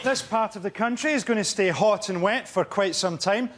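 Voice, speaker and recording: A man on a comedy panel show firing off punchy one-liners, sometimes shouting them out. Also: high-pitched, moderate pace. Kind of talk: quick-fire stand-up gags. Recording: loud studio audience and noise.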